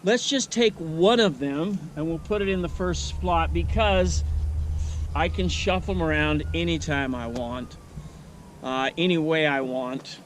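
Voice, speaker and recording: A man talks slowly and unhurriedly, thinking aloud as he teaches outdoors. His voice sits a little high for a man. A faint outdoor hum runs underneath. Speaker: nature educator. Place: outdoors at a wildlife refuge.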